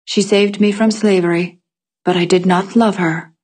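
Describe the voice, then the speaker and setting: A woman's voice: steady tone, normal speed, darkish tone, breathy edge, natural voice. A woman reading the part of a grizzled old woman tanner who speaks in a stern, grunting way. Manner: low grunting speech.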